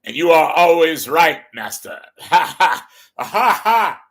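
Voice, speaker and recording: A man putting on the voice of a male TV sidekick announcer, loud and sycophantic with a hearty laugh. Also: a little high, very animated, slow pace, pitched above the performer's own voice, exaggerated voice. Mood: fawning.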